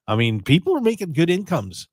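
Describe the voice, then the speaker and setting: Man, radio host, casual chat, lively up-and-down delivery, repeats words as he starts a thought. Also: on the high side, a little fast, no room sound, clean studio sound. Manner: animated, repeats words when starting sentences.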